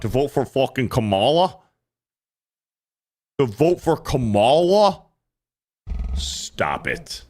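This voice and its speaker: A man hosting a reaction commentary show, ranting in a profane, fired-up way. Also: on the low side.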